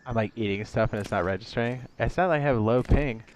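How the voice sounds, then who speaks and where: A man's voice: mid-range voice, quick pace, a little hiss or hum. A man streaming a game live, talking in a jittery, startled, rambling way. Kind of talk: live gameplay commentary.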